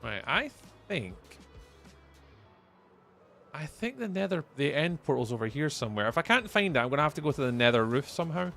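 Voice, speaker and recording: A man's voice: fairly high pitch, sing-song, a little fast, vocal fry, long pauses, bright, forceful tone, faint music behind. A man with a Scottish accent giving chatty live gameplay commentary as a streamer, answering viewers' chat messages aloud. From Scotland. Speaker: livestreamer.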